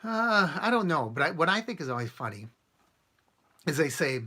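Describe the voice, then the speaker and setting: A man's voice: fairly high pitch, sing-song, a little fast, bright, forceful tone. A man hosting a casual live stream, rambling and chuckling as he answers comments from his viewers. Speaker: channel host answering live chat.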